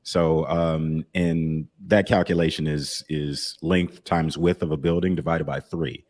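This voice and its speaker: Really deep voiced ex-firefighter guy, walks you through the math. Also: steady tone, a little slow, a little mellow. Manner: explains things in plain step-by-step terms. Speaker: podcast guest, former firefighter. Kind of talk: casual chat.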